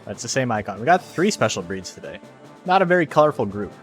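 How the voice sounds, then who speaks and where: A man's voice: medium pitch, very animated, quick pace. A man hosting a live stream of a game tournament. He rambles casually, jokes and swears freely between calls of the action. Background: faint background music.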